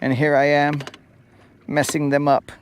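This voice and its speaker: A man with a higher, monotone voice speaks unhurriedly while hosting a live fishing stream from a boat on a lake. He jokes around and teases chat viewers with mock-dramatic complaints, and faint boat and water noise is audible outdoors.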